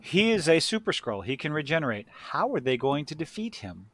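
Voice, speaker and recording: A man's voice: a little high, sing-song, fairly quick, a bit bright, no echo. A man co-hosting a casual podcast chat, crude and ranting, laughing easily. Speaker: podcast co-host.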